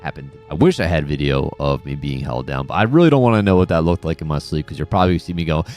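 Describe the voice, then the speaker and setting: A man's voice: rumbling low, quick pace, hardly any pauses, a little mellow, soft background music. A man hosting a horror gaming channel, telling a personal story in a casual vlog with earnest, emphatic insistence that it is true.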